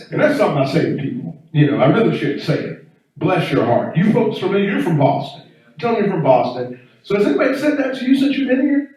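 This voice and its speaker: A man doing a stand-up set, chatty and animated with the crowd. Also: a little high, fast. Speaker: stand-up comedian. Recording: echoey room from far off.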